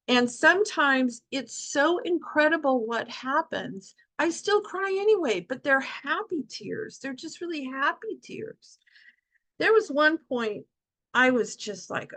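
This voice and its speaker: A middle-aged woman speaking passionately to an online support group, telling heartfelt personal stories with lively quoted asides. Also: fairly high pitch, a little slow.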